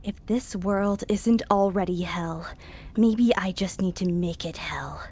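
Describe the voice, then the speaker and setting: A woman's voice: on the low side, takes it slowly, warm tone, husky. A woman whispering as a vengeful hate-filled woman, whispered role-play. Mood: hateful. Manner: hissing whisper that swells into rage. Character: vengeful woman consumed by hatred.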